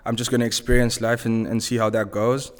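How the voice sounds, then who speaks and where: A man's voice: medium pitch, level tone, a little fast, big-room sound. Laid-back young man from Zimbabwe. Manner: laid-back, laughs often, chatty slang. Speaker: podcast guest. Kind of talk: casual storytelling.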